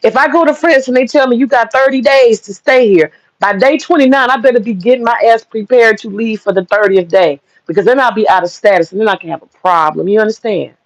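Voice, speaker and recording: A woman's voice: a little high, fast, few pauses, no echo. A woman hosting a livestream, ranting bluntly and heatedly, with a lot of profanity. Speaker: livestream host. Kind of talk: livestream rant. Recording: dull lo-fi dry audio.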